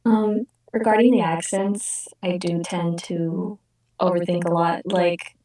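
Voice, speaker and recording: Slow, hesitant woman in an echoey room. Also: on the low side, little pitch movement, warm tone. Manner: hesitant, many fillers. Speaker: voice actor in a group meeting. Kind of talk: casual chat. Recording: echoey room, distant mic.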